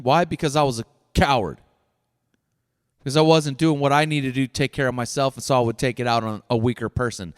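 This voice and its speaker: A middle-aged man hosts his own podcast, launching into a blunt, profane solo rant. His voice sits on the high side and sounds a bit bright. The recording is dry, with a long reverb tail.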